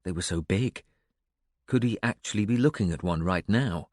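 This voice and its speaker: A male audiobook narrator with a fairly low voice, reading in an even, measured storytelling manner. The recording is close and dry, with no room sound. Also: no room sound. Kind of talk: scripted narration.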